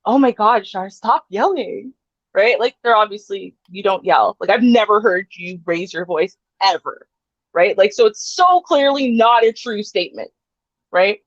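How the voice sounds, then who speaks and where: A woman's voice: medium pitch, expressive, moderate pace, dry recording. Woman, casual co-host, rambling "like"s, muffled lo-fi sound. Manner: chatty, many "like"s and "right?"s. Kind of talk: casual chat.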